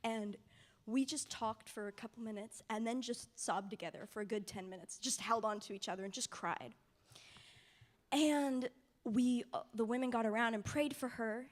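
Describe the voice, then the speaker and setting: A young woman telling a personal faith testimony in a soft, casual way, often sinking to a near whisper. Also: on the high side, moderate pace. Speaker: mission trip participant sharing testimony.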